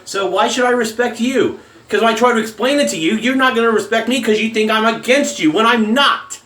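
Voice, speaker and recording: A man's voice: extremely high pitch, brisk, a bit bright. A man delivering a heated, profane rant in a shaving vlog. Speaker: shaving vlogger. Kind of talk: angry political rant. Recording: echoey room.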